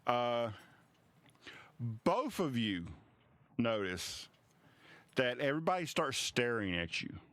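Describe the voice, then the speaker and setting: Male game master, slow halting narration, clean and dry. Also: mid-range voice, big pitch swings, fairly bright tone, no echo. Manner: halting, many restarts and fillers.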